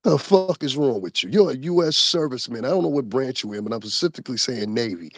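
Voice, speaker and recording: A man's voice: medium pitch, lively intonation, fast talker, no room sound. A man giving a heated, profane, casual commentary rant with laughing asides. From Connecticut, USA. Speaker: commentary host.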